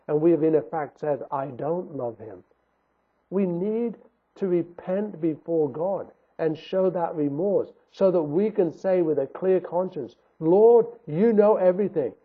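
A man with a high, husky voice delivers an earnest sermon, leaning on his key phrases and repeating them for emphasis. The sound is thin and tinny, as if it came through a phone line. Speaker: preacher.

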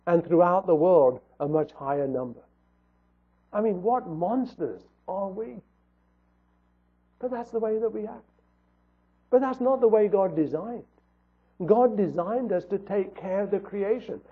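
A man's voice: sits high, unhurried, pauses often, breathy edge. A man preaching a sermon in an earnest tone, asking rhetorical questions. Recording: tinny phone-like audio.

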